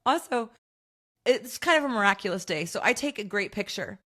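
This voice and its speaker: A woman of middle pitch co-hosting a podcast in relaxed casual chat. She tells a long anecdote with plenty of energy, slipping into quick imitations of the people she describes. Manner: animated storyteller, acts out other people's voices. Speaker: podcast co-host.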